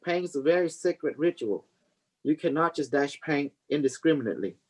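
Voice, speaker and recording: A man's voice: on the high side, lively intonation, a little fast, rough recording. A rambling man with a raised voice. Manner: rambling, repeats words, laughs often. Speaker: community leader and host. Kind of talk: casual teaching talk.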